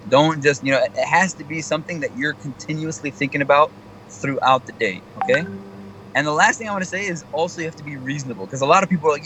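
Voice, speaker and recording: Energetic high-voiced male comedian. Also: fast talker, slight background noise, rough recording. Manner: energetic, animated, motivational. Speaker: comedian guest. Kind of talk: casual radio interview chat.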